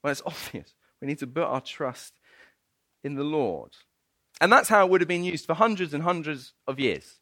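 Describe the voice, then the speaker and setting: A man preaching in a sermon, spinning a story with playful energy and frequent laughs. His voice sits a little high and has a bright, sharp edge. The recording is dry and close. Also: moderate pace, no echo. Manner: animated and playful, often laughing.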